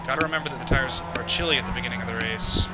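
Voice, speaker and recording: A man's voice: medium pitch, rapid-fire. A man streaming a racing game, talking to himself while driving and grumbling about a crash. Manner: talks to himself while driving, frustrated and ranting. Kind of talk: live gameplay commentary. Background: loud music.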